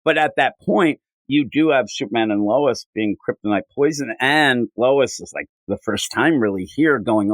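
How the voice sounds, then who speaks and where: A man's voice: medium pitch, no echo, low-quality recording. A man co-hosting a podcast, reviewing comics in casual chat and acting out characters' lines. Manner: animated, acts out characters' lines in quick voices. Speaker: podcast co-host.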